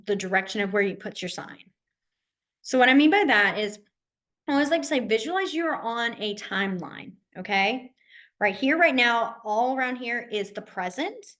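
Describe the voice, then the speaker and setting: A woman's voice: fairly high pitch, a bit bright. A woman teaching a sign language class over a video call, patiently walking through signs and often checking in with "okay?". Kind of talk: online class instruction.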